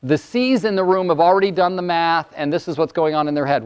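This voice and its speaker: A man in his sixties, a motivational speaker and coach, telling stories and acting out voices in a lively workshop talk to an audience. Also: on the high side, fast talker, hardly any pauses, clear, resonant tone. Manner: animated storyteller, acts out client voices.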